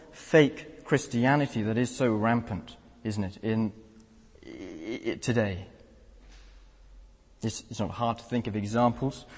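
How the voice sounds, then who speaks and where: Young preacher, husky, earnest and rhetorical, recorded in a hall with long reverb. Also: male voice, mid-range voice, darkish tone. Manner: earnest, rhetorical, with frequent tag questions. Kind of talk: sermon.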